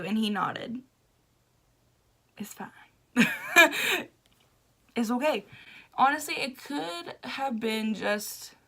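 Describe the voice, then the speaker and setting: Young woman, bright voice, unhurried gushing chatter, vlog storytelling. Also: medium pitch, vocal fry. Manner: gushing, excitable, with laughs and self-interruptions. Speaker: vlogger. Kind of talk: casual storytelling to camera.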